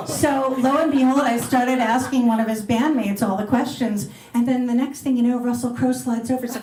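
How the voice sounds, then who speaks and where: A woman's voice: a little high, fairly quick, hardly any pauses, darkish tone. A middle-aged woman radio host chatting and taking questions at a restaurant luncheon, bubbly and laughing. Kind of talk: casual talk and Q&A with an audience. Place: restaurant dining room. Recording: roomy live event recording.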